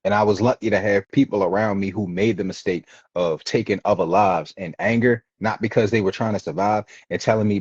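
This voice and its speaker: Here the Baltimore guest's voice sits low, a little mellow and slightly rough, moving fairly quickly with hardly any pauses. He earnestly shares reflective life stories in slangy, casual chat, acting out the voices of people he quotes. The recording is dull, lo-fi and dry.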